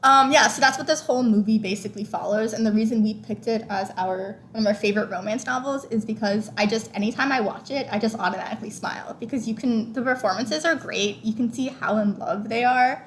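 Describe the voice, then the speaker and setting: A woman co-hosting a movie podcast in casual chat, gushing and chatty with many fillers, breaking into excited squeals. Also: quick pace, hardly any pauses, slight background noise. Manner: bursts of excited high squeals.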